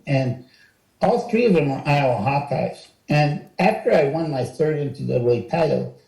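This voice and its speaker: A man in his sixties, an interview guest, telling stories in a lively, animated way and jumping higher when he acts out what was said. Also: gravelly. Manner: animated storyteller, acts out quotes with rising pitch. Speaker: interview guest, retired wrestler. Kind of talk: casual storytelling interview. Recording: roomy echo.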